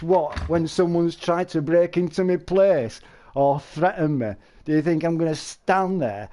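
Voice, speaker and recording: A man live-streaming, chatting casually with viewers, rambling and laughing, with exaggerated shouted sound effects. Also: a little high.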